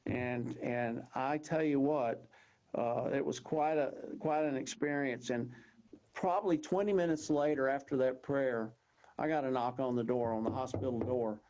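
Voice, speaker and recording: A man, telling his personal story as an interview guest in an earnest, halting way with many restarts. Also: mid-range voice, a little mellow. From Texas. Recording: dull lo-fi audio.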